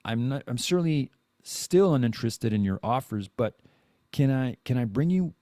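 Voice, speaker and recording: Male podcast host, mid-pitched, lively intonation, rambling off-the-cuff monologue, dry recording. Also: moderate pace, no room sound. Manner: rambling and animated, with many restarts and repeated words. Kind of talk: casual live-streamed monologue.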